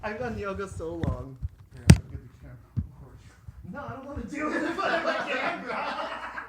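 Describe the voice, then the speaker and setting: A man's voice: very high voice, huge pitch swings, measured pace, heavy background noise. A man telling comedic stories in a casual podcast chat, playful and theatrical, slipping into sassy quoted voices.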